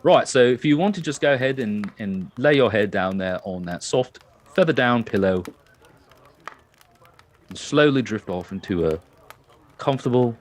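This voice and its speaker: A man doing a soft lulling Englishman. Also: mid-range voice, expressive, normal speed, pauses often, close to an everyday voice. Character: gentle English man lulling someone to sleep.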